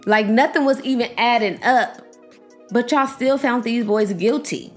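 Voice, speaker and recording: A young woman hosting a podcast, giving animated, outspoken commentary straight to her listeners. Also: a little high, measured pace, soft background music. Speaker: podcast host. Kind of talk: casual commentary to her audience.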